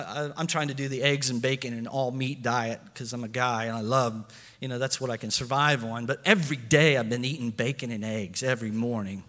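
A man's voice: mid-range voice, bright, forceful tone. A man preaching a sermon as pastor, building emphasis and acting out quotes in his own voice. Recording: long echo of a large hall.

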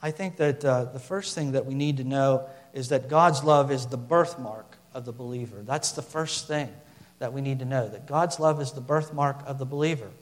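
A man's voice: mid-range voice, in a large hall. A man preaching a sermon, talking casually with fillers and restarts, then building to emphatic passages.

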